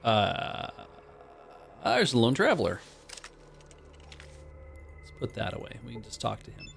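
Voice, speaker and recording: A man streaming a modded game, reading the game text aloud in casual commentary and breaking into loud, surprised swearing. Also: mid-range voice, wildly swooping pitch, a little slow, creaky, a little hiss or hum.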